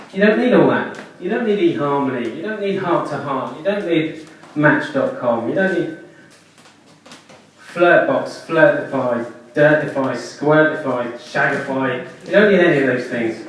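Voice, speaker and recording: A man doing a stand-up comedy set at a small comedy club, with animated storytelling and deadpan asides. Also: a little high, normal speed, a little hiss or hum. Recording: echoey club room, distant mic.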